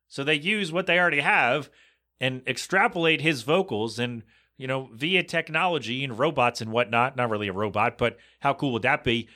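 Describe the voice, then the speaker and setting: A podcast host in his thirties chatting casually, reading listener answers and mocking them in an exasperated, animated way. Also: mid-range voice, brisk. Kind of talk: casual chat.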